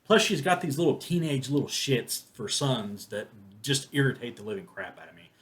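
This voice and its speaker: A man's voice: medium pitch, expressive, normal speed, a bit bright. A man giving a casual, rambling spoken movie review, full of restarts and fillers. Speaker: film reviewer.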